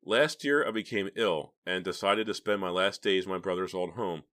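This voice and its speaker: A man's voice: low-pitched, moderate pace, fairly bright tone. Man voicing a guilt-ridden ailing old uncle. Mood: pleading. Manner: pleading, breaking into sobs. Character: ill older man, grieving guilty uncle.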